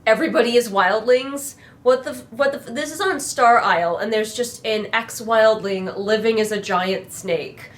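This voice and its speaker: A woman's voice: fairly high pitch, normal speed, hardly any pauses. A woman giving a casual, sarcastic book critique as a reviewer, exasperated and swearing freely.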